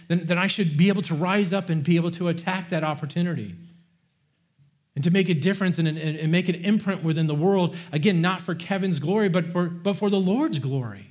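A man's voice: fairly high pitch, darkish tone. A man preaching a sermon, impassioned and repetitive, often restarting his words as he builds a point. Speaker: pastor.

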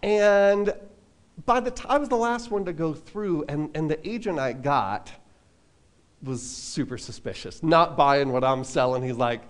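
A man preaching a relaxed sermon at a church service, telling a personal story with casual asides. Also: a little high, a little slow. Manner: casual, self-deprecating, lots of fillers and asides. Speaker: pastor.

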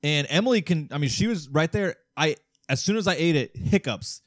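Brief: young adult male co-host, somewhat high voice, animated and self-mocking, dry close sound. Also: fairly quick, no room sound. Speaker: podcast co-host. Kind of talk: casual chat.

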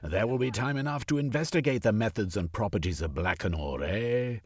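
A man voicing a self-assured gentleman debater who lectures and tags his points with questions. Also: fairly low pitch, animated, brisk, husky, dry recording, studio quality. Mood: lecturing.

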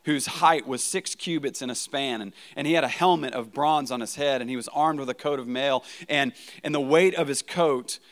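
A man's voice: medium pitch, moderate pace, few pauses, fairly bright tone. A man preaching a sermon as a pastor, talking in a casual, conversational way, often checking in with "right?" and restarting words.

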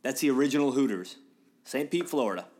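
A man's voice: mid-range voice, animated, fast, a little mellow. A man co-hosting a casual podcast chat, rambling with lots of filler and dry jokes. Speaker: podcast co-host.

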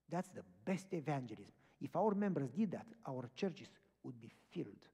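A man's voice: fairly high pitch, brisk, hardly any pauses, husky. A man, a pastor, preaching a sermon with personal stories, acting out the dialogue as he tells them. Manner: animated storytelling, acting out dialogue. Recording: long reverb of a large hall.

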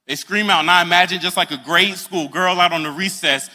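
A man's voice: high-pitched, a little fast, pushed and bright, in a large hall. A man preaching a sermon in a conversational, earnest way, acting out the scenes he describes. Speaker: pastor.

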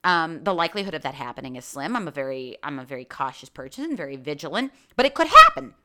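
A woman's voice: low voice, expressive, fast, a bit bright. A woman vlogger talking candidly about a road trip and anxiety, swearing freely and getting fired up.

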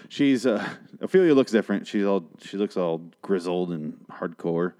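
Guy hosting a tv review, kinda low voice, swears a lot, sarcastic and rambly. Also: a little fast, hardly any pauses, mellow. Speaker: host of a TV review show. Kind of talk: casual episode review.

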